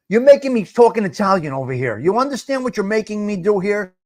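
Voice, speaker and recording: A man's voice: sits high, sing-song, quick pace, hardly any pauses, darkish tone. A middle-aged man hosting a casual live chat, teasing viewers, repeating himself and dropping Italian phrases. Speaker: livestream host.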